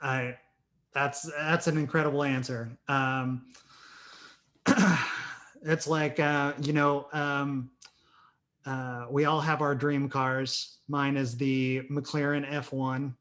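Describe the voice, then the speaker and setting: A man's voice: mid-range voice, level tone, slow, a bit bright. A man hosting a podcast interview, upbeat, with short enthusiastic reactions. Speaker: podcast host. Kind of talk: casual interview.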